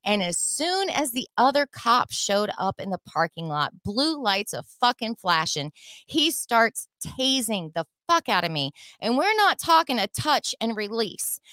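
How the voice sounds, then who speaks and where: A middle-aged woman telling a personal story as a podcast guest, in a heated, profane and animated way. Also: on the high side, measured pace, dry recording.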